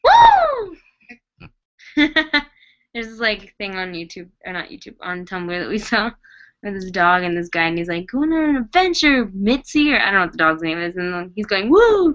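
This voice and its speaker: A woman's voice: on the low side, fairly even intonation, a little fast, pushed and bright, clean tone, lo-fi sound. A woman vlogger chatting casually about her dolls as she works on them, rambling with plenty of fillers. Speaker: doll collector vlogger. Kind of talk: casual chat while working.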